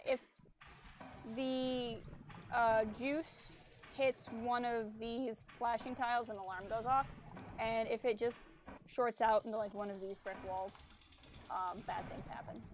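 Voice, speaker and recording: A woman's voice: on the high side, steady tone, slow. A woman streaming a video game, chatting casually, explaining mechanics and teasing enemies on screen. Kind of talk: casual gameplay commentary.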